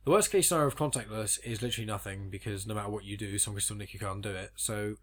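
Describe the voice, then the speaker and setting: A man's voice: lowish voice, racing. A man co-hosting a podcast in casual chat, explaining his reasoning at length and teasing his friend. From England. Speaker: podcast co-host.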